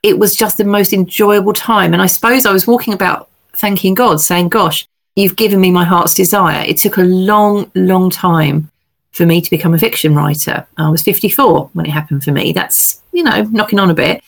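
A middle-aged woman from England, a novelist guest telling lively, self-deprecating stories in casual chat. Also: lowish voice, normal speed, vocal fry.

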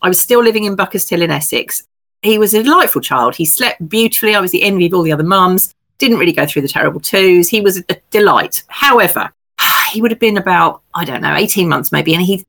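Low creaky middle-aged English woman. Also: fast. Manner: lively storyteller, self-deprecating. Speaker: novelist guest. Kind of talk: casual anecdotal chat.

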